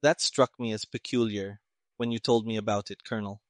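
A quiet, measured detective lays out his reasoning in precise, even words, as a male reader voices him. The sound is dry and close, with no room around it. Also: fairly low pitch, no room sound, lightly acted. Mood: calm. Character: calm, shrewd male detective.

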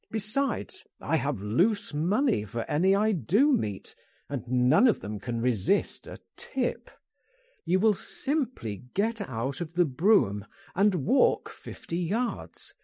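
A man reading an audiobook, voicing an eager gentleman who insists and coaxes his friend. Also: a little high, slightly rough, no room sound, studio quality, pitched above the performer's own voice, full character voice. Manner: insistent, coaxing, lively. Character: eager, persuasive gentleman urging a friend to flee.

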